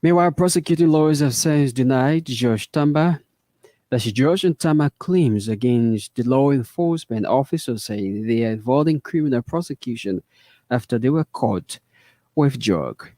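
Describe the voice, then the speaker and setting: A male Liberian news anchor with a Liberian English accent reads court and political stories in a measured, formal way. His voice has a mellow tone. The recording is close and dry. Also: medium pitch, animated, no echo. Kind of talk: read news report.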